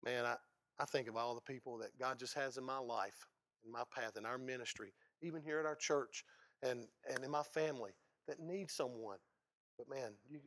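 A man, a pastor preaching a sermon and swinging from hushed low stretches to loud, high bursts. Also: no echo, studio quality.

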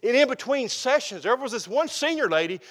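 Man, pastor, high-pitched voice, folksy emphatic sermon. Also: lively intonation, fairly quick, a bit bright. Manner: folksy, emphatic preaching with rising exclamations.

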